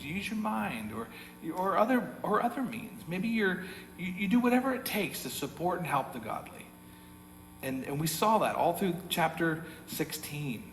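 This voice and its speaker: A man's voice: fairly high pitch, fairly bright tone. A man with an American accent preaching a sermon as pastor, in a conversational way that repeats key phrases, with the odd chuckle. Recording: echoey hall with mains hum.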